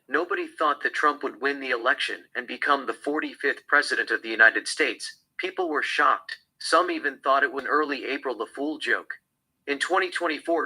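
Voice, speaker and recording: An outspoken female TV reporter delivers her report, voiced by a man reading from a script. The tone is bright and a little husky, read flatly. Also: medium pitch, low-quality recording.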